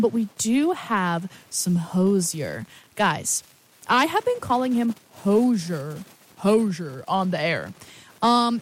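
A woman's voice: a little high, rough recording. A young woman radio DJ chatting casually between songs, rambling and poking fun at herself as she wanders off on tangents. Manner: rambling, chatty, self-mocking, goes off on tangents.

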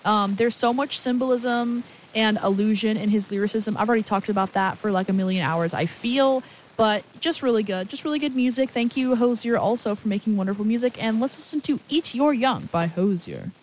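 A woman's voice: on the high side, a little fast, a little hiss or hum, poor audio. Chatty, rambling young woman DJ. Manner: rambling, chatty, self-mocking, goes off on tangents. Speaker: radio DJ. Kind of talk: casual on-air chat between songs.

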